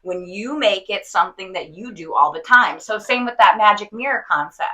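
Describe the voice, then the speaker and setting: A woman's voice: mid-range voice, lively intonation, normal speed, bright, forceful tone, rough recording. A woman co-hosting a podcast in casual spiritual chat, effusive, laughing often and leaning on "like". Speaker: podcast co-host.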